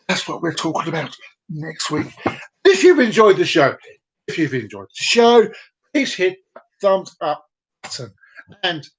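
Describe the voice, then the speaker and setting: A man's voice: fairly high pitch, very animated, normal speed, a bit bright, breathy edge. A man hosting a casual live-stream vlog, reading out fun facts in a rambling, jokey way and repeating himself. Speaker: vlog host.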